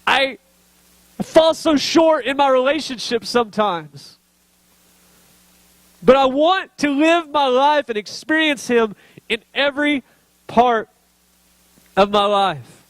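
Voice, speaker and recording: A man's voice: very high voice, lively intonation, slow pace, long pauses, a bit bright, no echo. A man preaching a sermon as pastor, speaking earnestly and building to emotional intensity.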